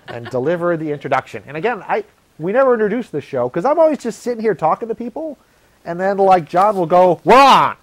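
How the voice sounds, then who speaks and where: A man's voice: high voice, big pitch swings, fairly quick, pauses often. Self-mocking man rambling on his show. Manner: self-deprecating, rambling, laughs at himself; acts out quoted voices. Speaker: host. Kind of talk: casual rambling monologue.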